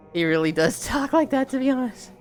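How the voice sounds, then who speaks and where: A woman's voice: high voice, lively intonation, normal speed, faint music behind. A woman livestreamer chatting casually with her viewers, rambling, sighing often and swearing offhandedly.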